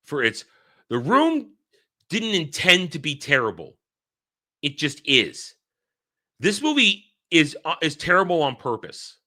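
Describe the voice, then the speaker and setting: A man's voice: fairly high pitch, wildly swooping pitch, unhurried, pauses often, bright, forceful tone. A man giving a blunt, exasperated film review, swearing freely and repeating himself for emphasis.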